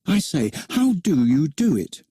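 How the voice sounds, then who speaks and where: A man voicing an eager, practical young boy in a storybook reading, exclaiming in excitement. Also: on the high side, measured pace, breathy edge, no room sound, clean studio sound, voice pushed up, exaggerated voice.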